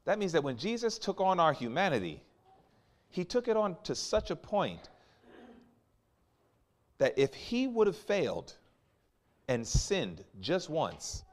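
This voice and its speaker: A man preaching a sermon, questioning the congregation, reading scripture slowly and forcefully, and swinging between quiet asides and loud climaxes. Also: on the high side, sing-song. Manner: questions the congregation and waits for replies.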